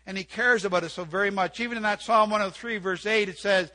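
Bright high-voiced older male preacher. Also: a little fast, few pauses. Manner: earnest, repetitive preaching with scripture quotes. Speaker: pastor. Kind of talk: sermon. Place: church.

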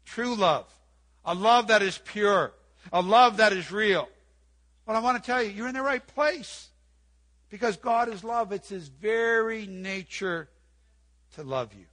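A man's voice: sits high, unhurried, long pauses, a bit bright. An older man preaching an earnest sermon in church, repeating key phrases and quoting scripture. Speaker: pastor.

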